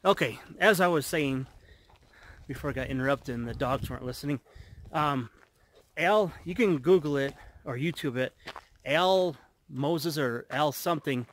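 Man, casual rambling vlog, outdoors, a bit out of breath, fairly high voice. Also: moderate pace, fairly bright tone, slight background noise. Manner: rambling, chatty, loose. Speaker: vlogger. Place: outdoors on a high mountain road.

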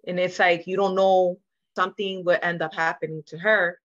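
A woman speaks as a guest in a candid sit-down podcast conversation. She tells her story earnestly and emotionally, slipping into the voices of the people she quotes. Her voice is bright and forceful, and the recording sounds a little dull and lo-fi. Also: lowish voice, level tone, moderate pace. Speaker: interview guest.

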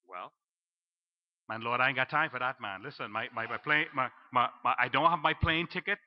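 A man preaching a storytelling sermon in church, acting out his own panic and dropping to a low hush for the voice of God. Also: brisk. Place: church sanctuary. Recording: dull lo-fi live stream.

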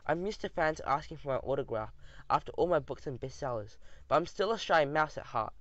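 A man reading a first-person audiobook aloud in a lively, expressive way. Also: on the high side, fairly quick, dry recording, dull audio. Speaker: audiobook narrator.

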